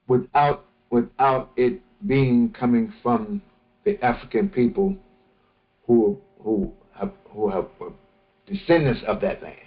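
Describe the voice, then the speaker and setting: A man teaching a morning religious session, speaking slowly and deliberately and often restarting his phrases. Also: mid-range voice, dull audio. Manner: slow, deliberate, with many restarts. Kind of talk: morning lecture.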